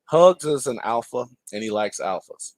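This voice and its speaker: His mid-range voice moves at normal speed, free of echo. This podcast guest, once a player and later a broadcaster, casually relates basketball stories and animatedly performs the dialogue of the people in them.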